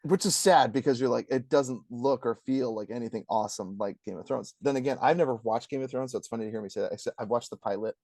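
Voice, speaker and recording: A man co-hosting a casual review podcast, ranting with energy and acting out quotes in a higher voice. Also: quick pace, few pauses, dry recording, studio quality. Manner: animated, ranting, acts out quotes in a high voice. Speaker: podcast co-host.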